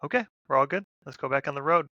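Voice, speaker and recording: A man co-hosting a casual chat, rambling and profane, retelling a story with loud quoted shouts. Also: a little high, quick pace, no echo, lo-fi sound. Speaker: podcast co-host, army veteran.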